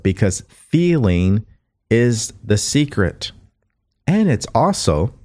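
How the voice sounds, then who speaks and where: Earnest low-voiced male motivational coach. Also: darkish tone. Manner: earnest, conversational, repeats and restarts phrases. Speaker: podcast host and coach. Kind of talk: motivational monologue.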